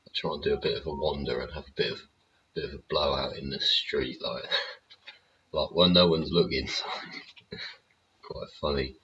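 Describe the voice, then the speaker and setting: A man's voice: extremely low pitch, fairly even intonation, unhurried, pauses often, sharp tone. A man hosting his show in a casual, rambling rant, swearing freely and tossing in tag questions. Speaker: show host. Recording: dull lo-fi recording.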